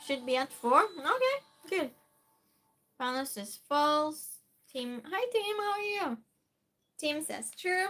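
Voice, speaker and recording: With faint background music playing, a woman runs a laid-back chat quiz on her live stream. Her high voice comes across bright and clear, and she takes her time, welcoming each viewer individually and reading out their messages.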